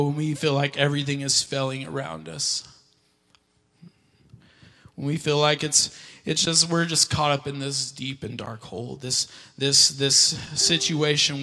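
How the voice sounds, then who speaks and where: A man preaching with a gravelly, forceful voice set a little high, pressing his points through repetition and rising to fervent peaks. His words ring out with a long hall reverb in a church sanctuary. Soft music plays faintly behind him. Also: fairly even intonation, a little slow. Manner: fervent, repetitive preaching that swells to loud cries. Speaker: pastor. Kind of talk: impassioned sermon. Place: church sanctuary during a morning service.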